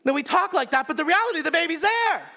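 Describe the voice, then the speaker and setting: A male pastor preaching a sermon in an emphatic style, repeating phrases and swinging between shouts and hushed lines. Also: very high voice, animated, quick pace.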